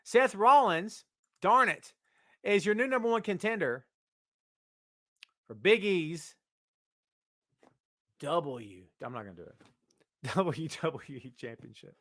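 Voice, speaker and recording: A man hosting a casual live wrestling podcast, reading the chat and teasing viewers by name in an animated way. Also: high voice, no room sound, studio quality.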